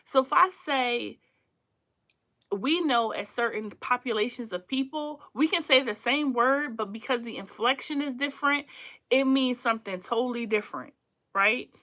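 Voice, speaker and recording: A woman hosting a casual teaching livestream on relationships, animated and preachy, laughing often. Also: on the high side, normal speed. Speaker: host of a relationship talk show.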